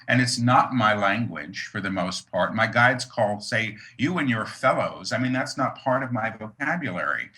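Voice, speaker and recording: Bright-toned reflective man. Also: lowish voice, lively intonation, normal speed, few pauses. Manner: earnest, reflective, many restarts and "you know"s. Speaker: guest, author and medium. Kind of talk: conversational interview.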